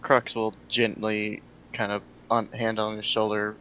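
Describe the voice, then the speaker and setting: A man's voice: on the low side, monotone, unhurried, a bit bright, a little hiss or hum, rough recording. A man playing a tabletop role-playing game, describing his character in an easygoing way. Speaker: player. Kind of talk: casual tabletop play.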